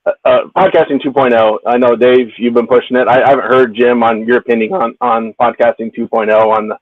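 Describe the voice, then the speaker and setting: A man's voice: mid-range voice, no echo. Male caller on a tinny phone line. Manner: hesitant, rambling question. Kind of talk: call-in question. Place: in his car.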